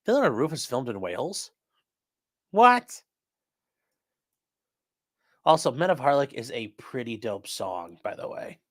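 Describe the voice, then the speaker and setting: This livestream host speaks in a sing-song, fairly bright mid-range voice at a measured pace, with long pauses. He jokes around casually and rambles while reading chat comments out loud.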